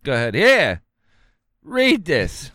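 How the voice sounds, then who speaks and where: A man's voice: on the high side, wildly swooping pitch, takes it slowly, sharp tone, no room sound. A young adult man co-hosting a podcast, giggling often as he reads gag cards into a close mic. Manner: giggly, laughs often between lines. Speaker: podcast co-host. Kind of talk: casual comedic chat.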